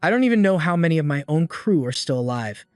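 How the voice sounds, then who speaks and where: A man's voice: fairly high pitch, big pitch swings, quick pace, dry recording, faint music behind. Guy doing a worn-out ship captain from a comic recap, kinda evasive, dry close sound. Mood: weary.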